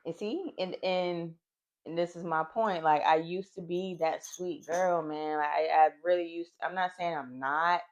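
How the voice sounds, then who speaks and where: A woman co-host with a low voice in casual chat, earnest and emphatic about her kids. She drops swear words to press her point. The audio is a bit dull and lo-fi. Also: fairly even intonation, measured pace. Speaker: podcast co-host and mother.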